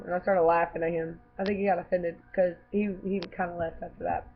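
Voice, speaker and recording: Young woman, sick with a cough, blunt and animated, swears a lot, casual vlog storytelling, tinny phone-like sound. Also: lowish voice, brisk, hardly any pauses, a little hiss or hum. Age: young adult. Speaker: vlogger.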